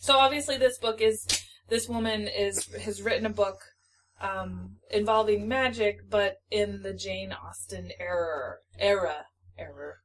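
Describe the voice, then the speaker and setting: A woman's voice: mid-range voice, steady tone, unhurried, rough recording. A woman co-hosting a book podcast, chatting casually in playful, joking banter. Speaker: podcast co-host. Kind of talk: casual chat.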